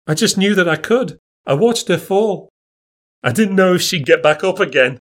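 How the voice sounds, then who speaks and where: A man voicing a frightened, guilt-ridden young man who pleads in a high, panicky voice. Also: slow pace, close to an everyday voice. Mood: confessing.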